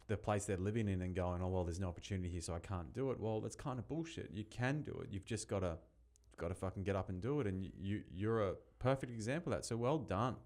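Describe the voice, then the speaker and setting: A man hosts a casual podcast chat in a fairly low voice. He talks in an encouraging way and drops the odd casual swear word. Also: darkish tone. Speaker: podcast host.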